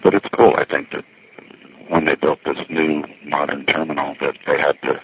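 Deep, flat New guy, wry and rambling, a bit out of breath; thin phone-like sound with faint noise. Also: moderate pace. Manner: wry, chatty, thinking aloud. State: a little winded. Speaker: payphone vlogger. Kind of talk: rambling first-person walkthrough. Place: ferry terminal, indoors, busy. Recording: tinny lo-fi with faint background noise.

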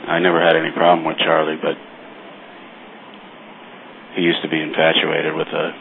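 A very deep-voiced man wanders through a meandering spoken diary from a payphone. His talk is flat and wry, with offhand profanity. It comes through as a tinny phone line with clear street noise behind him. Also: normal speed. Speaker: caller leaving phone messages. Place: outdoors on a city street. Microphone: payphone handset.

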